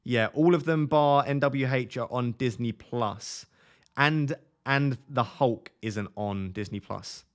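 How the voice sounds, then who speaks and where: Young male streamer, mid-pitched, casual and chatty, answers live chat. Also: takes it slowly. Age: 20s. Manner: chatty, reads viewer comments aloud and answers them.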